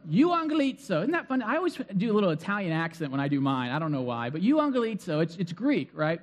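A middle-aged man delivers a sermon in a casual, talkative manner, his voice sitting notably high. He keeps things light with quick asides and plenty of fillers. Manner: conversational, self-deprecating asides, many fillers. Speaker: pastor.

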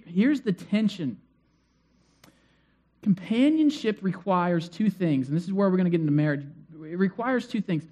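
A male pastor with a fairly high voice delivers a sermon in an easy, conversational way. He tells stories with animation and throws questions to the congregation. He repeats short phrases to drive his points home. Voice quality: conversational, animated storytelling with acted-out cries.

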